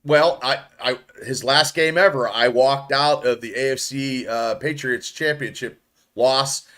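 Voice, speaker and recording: A man's voice: mid-range voice, a little slow, sharp tone. A man in his fifties from western Pennsylvania, telling stories in a rambling way during a casual sports chat. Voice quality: storytelling, rambling with repeats.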